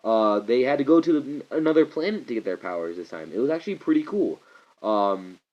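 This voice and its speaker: Rambling, animated man on dull camera audio. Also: medium pitch, brisk. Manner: animated, digressive, bursts into loud mock voices. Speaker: vlogger reviewing a movie. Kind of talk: rambling casual rant to camera. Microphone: camera mic.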